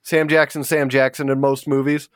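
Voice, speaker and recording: A man's voice: mid-range voice, level tone, normal speed, dry recording, studio quality. A man co-hosting a podcast in casual chat, rambling with fillers and laughing often. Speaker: podcast co-host.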